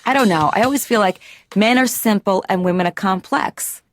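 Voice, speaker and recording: A comedian playing a chatty, neurotic female therapy patient in an animated sitcom, with a rambling, stand-up-style delivery. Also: medium pitch, moderate pace, soft background music, lightly acted. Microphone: dry studio mic.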